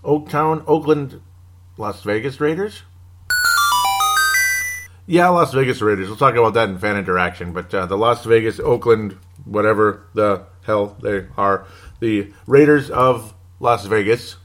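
A man's voice: lowish voice, a little slow, faint music behind. A man hosting a casual solo sports show, rambling through team news with wry asides and chuckles. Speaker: sports podcast host.

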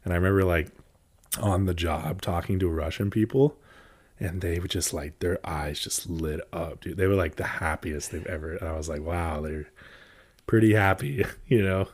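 A man's voice: deep voice, moderate pace, breathy edge. A young man in casual chat, telling stories animatedly and laughing often. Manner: laughs often, animated storytelling with loud bursts.

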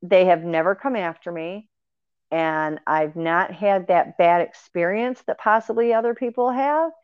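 A woman's voice: fairly low pitch, measured pace, clean tone, dry recording. A woman telling her paranormal experiences in an earnest, rambling way, with fillers and restarts. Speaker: guest sharing paranormal experiences. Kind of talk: casual conversational storytelling. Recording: dry, dull lo-fi audio.

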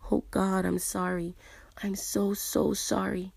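A woman reading aloud, voicing a grieving father who sobs out an apology in a soft, broken voice. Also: high-pitched, flat delivery, slow, creaky, no room sound, heavily acted. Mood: sobbing. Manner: soft, broken, tearful delivery.

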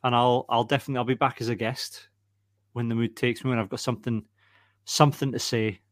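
A man's voice: mid-range voice, little pitch movement, no room sound, studio quality. A man hosting a podcast in a casual, self-deprecating chat. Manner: chatty, self-deprecating, quick-talking. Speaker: podcast host.

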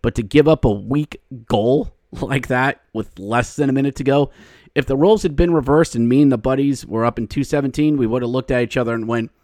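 A male podcast host recapping a hockey game, slipping into excited play-by-play calls and shouting at the goals. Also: medium pitch, brisk, dry recording.

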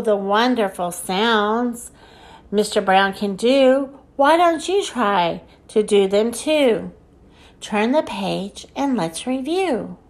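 A woman reading a children's picture book aloud for her podcast, slowly and clearly, with playful sound effects. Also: mid-range voice, lively intonation. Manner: slow, clear storytime delivery. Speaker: children's storybook reader.

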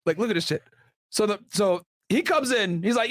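A young man hosting a casual, profane reaction commentary, animated and quick to laugh. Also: high-pitched, no echo, studio quality. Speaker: YouTube commentary host.

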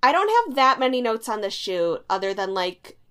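A young woman co-hosts a casual recap chat. She is sarcastic and chatty, mimics people in a mock voice, and speaks a little higher than most. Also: very animated, normal speed, a bit bright, clean tone. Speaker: podcast co-host.

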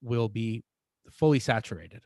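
A man's voice: medium pitch, measured pace, darkish tone, dry recording. A man with a mid-range voice co-hosts a fitness chat and walks through supplement advice in an explanatory way. He often restarts and repeats himself as he talks. The sound is close and dry. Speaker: fitness podcast co-host. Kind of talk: casual chat.

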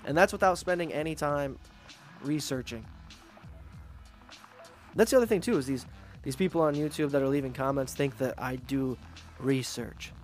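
A man hosting a podcast, ranting in a casual, profane, animated way and mocking others with put-on voices. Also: medium pitch, moderate pace, pauses often, faint music behind. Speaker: podcast host. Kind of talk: casual rant.

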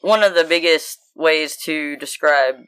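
Woman co-host, bright crisp voice, profane animated storyteller, casual chat. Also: low voice, a little slow. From United States. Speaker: podcast co-host.

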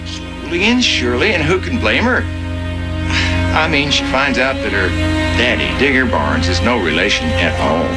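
An actor playing a smug, cruel oil baron in a TV drama clip, speaking in a mocking drawl, with loud music behind. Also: male voice, on the high side.

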